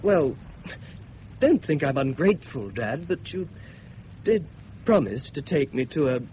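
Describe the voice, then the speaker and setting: A man's voice: a little high, very animated, measured pace, mellow, slight background noise. A nervous posh teenage boy. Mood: awkward. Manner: eager, awkward, stammering. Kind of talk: 1950s radio drama acting.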